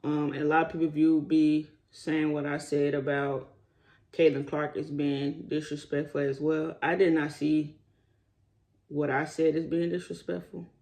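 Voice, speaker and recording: Animated man ranting straight to viewers. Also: a little high, unhurried, creaky. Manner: animated, rising to indignant emphasis; talks straight to viewers as y'all. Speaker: commentary vlogger. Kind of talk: casual opinion vlog.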